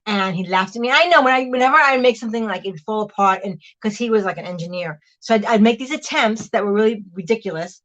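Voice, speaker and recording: A woman's voice: medium pitch, quick pace, hardly any pauses, a bit bright. Middle-aged woman, livestream host, chats and laughs while prepping food. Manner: chatty and giggly, talking with food in her mouth. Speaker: vlog host reading live chat. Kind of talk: casual livestream chat while cooking.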